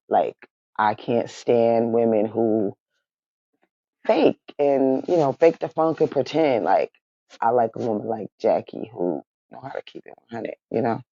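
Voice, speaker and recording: A woman's voice: a bass voice, mellow, dry recording. Woman doing a chatty reality-show recap, giggly, dry lo-fi sound. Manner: giggly, breaking into laughter mid-sentence; chatty, addresses viewers as y'all.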